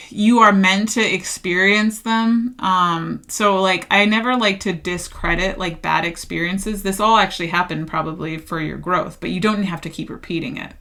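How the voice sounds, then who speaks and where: A woman's voice: medium pitch, a bit bright. A woman reading tarot cards for her viewers in a loose, chatty way. She talks emphatically, circles back to repeat her phrases and laughs often as she goes. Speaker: tarot card reader.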